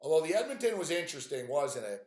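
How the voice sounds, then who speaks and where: A man's voice: a little high, sing-song, quick pace, darkish tone. A man ranting on a live stream about sports games and his bets, swearing often and sounding frustrated. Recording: echoey room.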